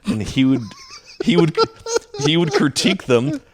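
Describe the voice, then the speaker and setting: A man who teaches, telling a story from his classroom on a podcast in a casual, animated way, acting out voices and laughing as he goes. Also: a little high, a little slow, a crowd in the background.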